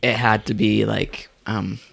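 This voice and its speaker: A young man co-hosting a casual podcast, sharing fun facts and quick asides. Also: on the low side, level tone, gravelly, fairly bright tone, slightly rough, no echo. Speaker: podcast co-host. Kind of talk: casual chat.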